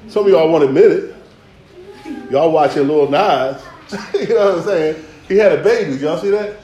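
A man's voice: a little high, normal speed, mellow. A man preaching a sermon in a church, conversational and rhythmic, often asking the room if they hear him. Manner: conversational, rhythmic, calls for responses. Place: church sanctuary. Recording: echoey church hall.

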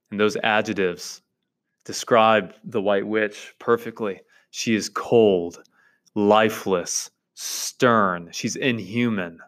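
A man hosting a literature podcast, emphatically lecturing on a novel chapter in repeated lists. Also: on the low side. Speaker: podcast host teaching literature. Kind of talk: reading and analysing a novel chapter.

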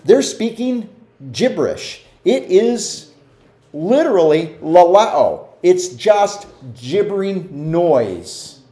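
Man, Bible study teacher, animated intonation, roomy echo, questions to the group. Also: sits high, takes it slowly. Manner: asks the listeners questions, acts out quotes.

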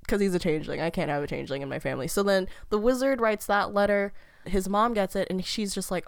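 Woman telling a fairy tale in a chatty rambly way, smooth voice, dry close sound. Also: medium pitch, fast, no room sound. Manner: laughs often, rambling storyteller. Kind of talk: casual chat, retelling a fairy tale.

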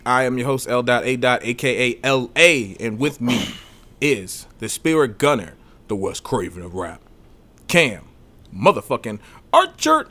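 A man hosting a casual podcast, giving hype-man intros and breaking into loud laughter. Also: mid-range voice, very animated, unhurried. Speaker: podcast host.

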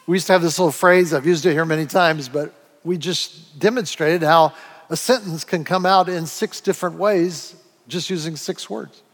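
A man preaching a sermon, animated, acting out quoted voices and asides. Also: on the high side, moderate pace. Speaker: pastor. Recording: long hall reverb.

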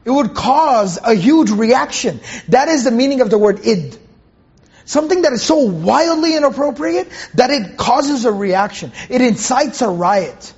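A man's voice: very high voice, lively intonation, measured pace, darkish tone, breathy edge, muffled recording. A man teaching a Quran commentary lecture to students in a conversational way, repeating phrases, asking rhetorical questions and reciting Arabic verses.

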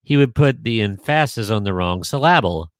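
A man co-hosting a podcast in casual chat, joking dryly and pausing often with ums. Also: on the low side, animated, dry recording. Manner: dry joking, hesitant with many ums. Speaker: podcast co-host.

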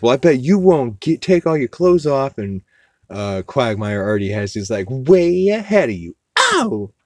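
A man hosting a podcast, loosely recapping a cartoon episode with fillers and swearing, acting out characters' lines in higher voices. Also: darkish tone, no room sound, clean studio sound. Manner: rambling, loose, with profanity and frequent fillers. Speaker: podcast host.

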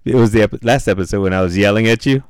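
A man's voice: on the low side, fast talker, smooth, no echo, clean studio sound. A man co-hosting a podcast in casual chat, joking and laughing often. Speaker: podcast co-host.

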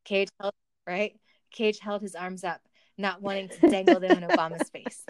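A woman's voice: mid-range voice, animated, normal speed, darkish tone, no echo. A woman reading a silly story aloud for comedy, with wry asides and laughter. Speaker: reader of a fan story.

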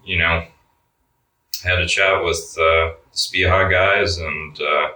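A man's voice: sits low, steady tone, takes it slowly, bright, forceful tone, far from the mic. A young man telling a story in a laid-back interview, cursing a lot and saying "like" all the time. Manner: laid-back, swears a lot, says "like" often. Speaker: guest. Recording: roomy sound, mic set back.

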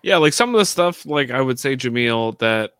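A man's voice: medium pitch, animated, normal speed, a bit bright, smooth, no echo, studio quality. A man co-hosting a casual podcast chat, rambling with lots of "like" and restarts. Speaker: podcast co-host.

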